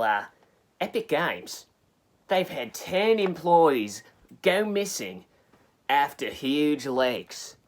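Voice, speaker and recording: A man voicing a brash, scheming male park owner in a put-on Australian accent, gruff and ranting, for a comedy mockumentary. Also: medium pitch, close to an everyday voice. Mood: conspiratorial.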